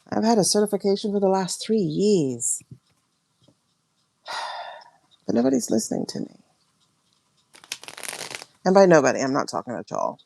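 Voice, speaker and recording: A woman hosting a tarot livestream, ranting emphatically and repeating herself, her voice swinging between loud and hushed. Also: medium pitch, vocal fry, slight background noise. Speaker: tarot reader and livestream host.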